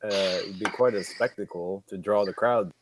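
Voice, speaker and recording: Man, tabletop player, upbeat and bold, lowish voice, clear background noise, clicks. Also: normal speed. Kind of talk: casual tabletop play.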